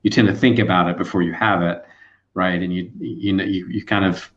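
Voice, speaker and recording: A man hosting an online interview who talks in a halting way, stopping and restarting with plenty of fillers. His voice sits a little low. The audio over the video call sounds dull and lo-fi. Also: fairly even intonation, fairly bright tone. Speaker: host.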